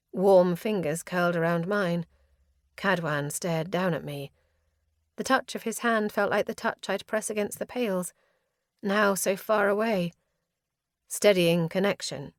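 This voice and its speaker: A woman's voice: fairly low pitch, a little slow, no room sound, clean studio sound. A woman reading a first-person fantasy audiobook with a tense, dramatic delivery. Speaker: audiobook narrator.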